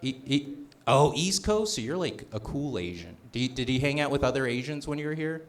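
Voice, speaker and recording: A young man from northern Colorado doing a stand-up set with crowd work, halting and self-deprecating with many restarts. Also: mid-range voice, lively intonation. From northern Colorado, USA. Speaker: stand-up comedian. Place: comedy club stage.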